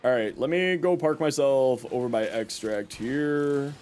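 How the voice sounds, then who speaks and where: A man's voice: medium pitch, a little slow, darkish tone, slight background noise. A man streaming a video game, chatting casually and explaining tips to his viewers. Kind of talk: casual gameplay commentary.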